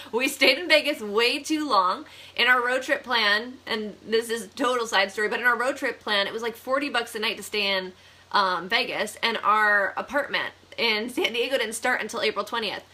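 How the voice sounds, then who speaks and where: A young woman from the Buffalo area tells a personal story in a casual vlog. Her voice sits a little high and sounds bright. She is chatty and animated and breaks into laughter often. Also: normal speed. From Buffalo, New York area. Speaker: vlogger, real estate agent.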